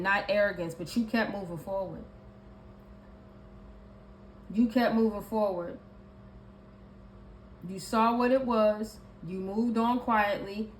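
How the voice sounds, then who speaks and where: A woman giving a tarot reading, talking emphatically and repeating her points as she lists card meanings. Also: medium pitch. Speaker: tarot reader. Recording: echoey room with faint ambient noise.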